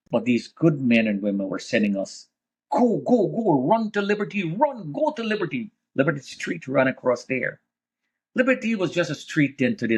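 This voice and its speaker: A man with a husky, slightly raspy voice tells his own survival story as a guest. He swings from hushed, low passages to sudden loud bursts. He speaks with deep religious conviction. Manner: vivid, dramatic retelling that swings between hushed and loud. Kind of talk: emotional first-person storytelling.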